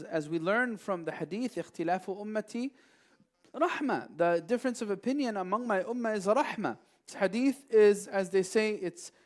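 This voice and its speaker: A man taking questions at a mosque, explaining at length with many pauses and quotes recited in Arabic. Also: sits high. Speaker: imam answering questions. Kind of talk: religious Q&A talk. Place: mosque hall.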